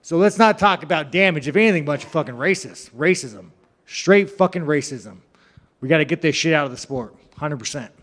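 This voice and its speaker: Male fighter at a press scrum: brash, cursing, rambling jokester, fairly high voice, long room echo. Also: expressive, brisk, fairly bright tone. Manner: brash, profane, rambling, joking. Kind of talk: media scrum answers.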